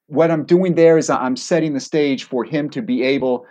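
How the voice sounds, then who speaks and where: A middle-aged man, a former hostage negotiator, telling a story from his own experience as a podcast guest. He speaks in a calm, deliberate way and pokes fun at himself with wry laughs. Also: fairly high pitch, muffled recording. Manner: self-deprecating, with wry laughs. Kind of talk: anecdotal storytelling in a podcast interview.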